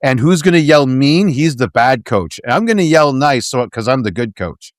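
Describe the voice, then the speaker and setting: A man's voice: mid-range voice, lively intonation, moderate pace, dry recording, clean studio sound. A man from Canada co-hosting a casual movie podcast, sarcastic and joking, with lots of fillers and restarts. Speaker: podcast co-host.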